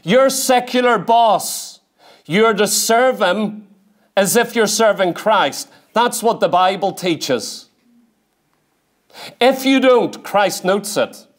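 A man preaching a sermon in a church, emphatic, repeating key phrases and slowing down to read scripture. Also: high-pitched, lively intonation.

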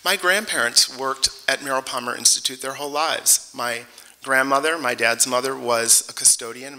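A Detroit man accepts an award, joking and heartfelt, talking in a chatty way to the ceremony audience. His medium-pitched voice is sharp with vocal fry, and the recording is rough.

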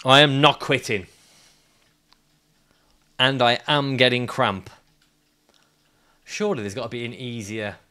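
A young man streaming a climbing game, ranting and swinging between mock calm and yelling at his character. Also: mid-range voice, measured pace, long pauses, smooth. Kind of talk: gaming stream commentary.

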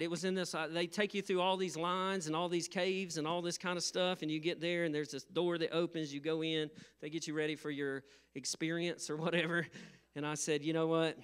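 In a church sanctuary, a middle-aged male pastor preaches a sermon and tells a funny story, laughing often and rising to loud, emphatic bursts. His voice is fairly high and clean, and he speaks fairly quickly.

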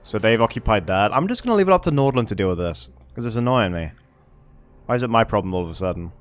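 A man's voice: lowish voice, expressive, fast talker, no room sound, soft background music. A man giving casual commentary as he plays a strategy game, thinking aloud and swearing under his breath. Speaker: gameplay streamer. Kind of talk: casual let's-play commentary.

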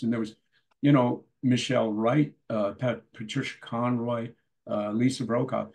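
An older man from Canada, a musician guest telling lively anecdotes in a casual interview and often acting out the people in his stories. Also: mid-range voice, moderate pace, creaky, low-quality recording.

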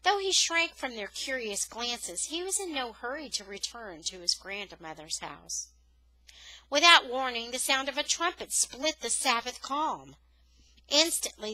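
Bright-voiced woman reading a novel aloud. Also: fairly high pitch, no room sound, poor audio. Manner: expressive storytelling, rising on dramatic words. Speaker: audiobook reader.

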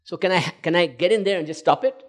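With a high voice and a fast delivery, a man who teaches spirituality gives an animated talk, fielding questions, laughing, and dramatizing inner voices as he explains.

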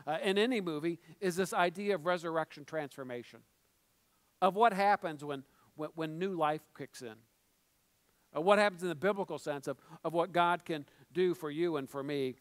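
A man's voice: high voice, moderate pace. A middle-aged man preaching a sermon as pastor, talking conversationally with joking asides and stumbled restarts. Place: church sanctuary. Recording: reverberant church hall.

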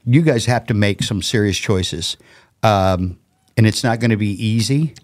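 A man's voice: fairly low pitch, no echo, clean studio sound. An older man co-hosting a local talk show, chatting casually with strong opinions and frequent interjections. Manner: animated, opinionated, quick to jump in. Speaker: co-host.

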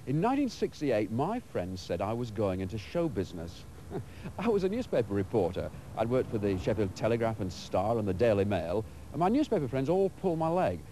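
A man's voice: fairly low pitch, big pitch swings, a little fast, warm tone, a little hiss or hum, rough recording. Wry middle-aged man reminiscing. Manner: wry, anecdotal. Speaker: former broadcaster interviewed. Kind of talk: reminiscing interview.

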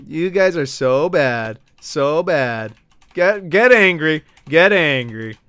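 A man's voice: fairly high pitch, animated, takes it slowly, sharp tone, smooth, no echo. A man streaming a game, talking to his chat in a brash, teasing and profane way. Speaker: gaming streamer. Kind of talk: casual live-stream chat.

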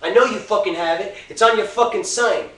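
A foul-mouthed, menacing customer, played by a man hurls curses in a bright, sharp voice. He sounds set back from the mic in an echoey room, with a faint hiss underneath. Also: mid-range voice, lively intonation, fast talker, distant mic, pitched below the performer's own voice, natural voice. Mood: yelling. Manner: swearing, threatening, bullying. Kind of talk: amateur comedy sketch.

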